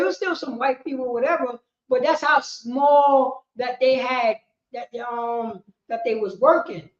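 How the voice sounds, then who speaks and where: A woman teaching a history class, lecturing emphatically, repeating herself and rising to shouts. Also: high voice, fairly even intonation, a little slow. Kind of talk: street-preaching lecture. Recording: roomy, dull lo-fi sound.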